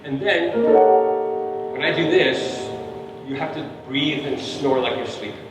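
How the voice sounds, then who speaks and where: A composer from New York leads a family concert from a concert hall stage, explaining music in a chatty, playful way and coaxing the audience to join in. His male voice is medium-pitched and unhurried. Recorded from a distance in the echoey hall, with piano and string music behind him.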